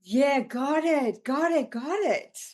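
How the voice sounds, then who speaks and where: A woman's voice: high voice, expressive, slow pace. A woman hosting an interview podcast, encouraging her guest with short affirmations and curious follow-up questions. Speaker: podcast host. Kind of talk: interview conversation.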